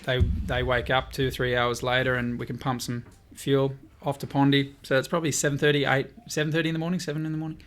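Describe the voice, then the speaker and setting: A man in a casual podcast chat, his voice sitting at a middling pitch for a man. He tells his story with energy, playing out each exchange in dialogue and dropping the odd swear word. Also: fast talker, hardly any pauses. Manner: lively, swears, quotes people in dialogue.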